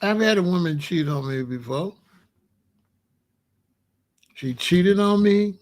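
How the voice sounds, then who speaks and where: Livestream host, middle-aged man, higher-pitched voice, blunt and animated, talks straight to his chat. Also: slow. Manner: animated, blunt, colloquial, asks chat for examples. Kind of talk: casual livestream talk to chat.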